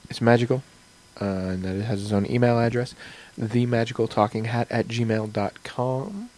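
A man's voice: medium pitch, moderate pace, a little mellow, rough recording. A man co-hosting a casual podcast, rambling and joking with sighs and restarts. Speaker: podcast co-host.

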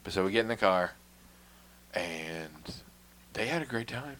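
A man with a fairly low voice chats casually, telling stories in a wry, self-deprecating way. He swears freely and drops to a mutter on his asides. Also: lively intonation, measured pace, fairly bright tone. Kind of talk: casual storytelling chat.

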